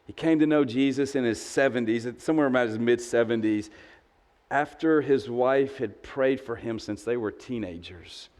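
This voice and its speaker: Preaching in a mid-range, slightly mellow voice at a moderate pace, this fifties-aged male pastor spins a story with conversational snark. He acts out each character's voice as he goes.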